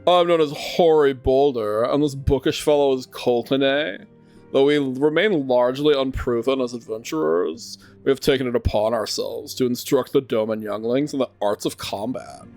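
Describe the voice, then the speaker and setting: A man's voice: mid-range voice, normal speed, vocal fry, darkish tone, soft background music, lightly acted. A man voicing a pompous young knight with stiff, old-fashioned formal diction while reading a game's story aloud.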